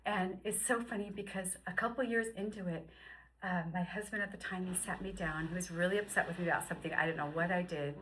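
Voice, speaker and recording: Bright-voiced woman giving a heartfelt testimony. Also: on the low side, quick pace, slight background noise, rough recording. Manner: emotional, animated storyteller who acts out quotes. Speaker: guest sharing her story. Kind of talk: personal faith testimony.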